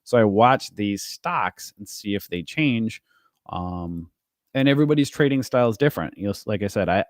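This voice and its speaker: Low-voiced man walking through his charts. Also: no room sound, studio quality. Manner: loose and rambling, many fillers and asides to viewers. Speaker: day trading stream host. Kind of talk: casual live-stream explanation.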